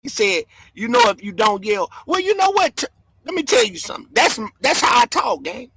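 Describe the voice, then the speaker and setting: A man hosting a livestream, yelling and cursing in fired-up commentary from home. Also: very high-pitched, big pitch swings, fairly quick, slightly rough, no room sound. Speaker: livestream host.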